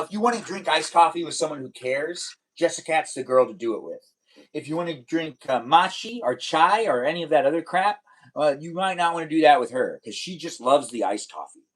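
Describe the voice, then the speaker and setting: A young man hosting a livestream, chatting casually and playfully teasing viewers as he reads their comments aloud. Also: on the high side. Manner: rambling, playful teasing, talks straight to chat viewers. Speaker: livestream host.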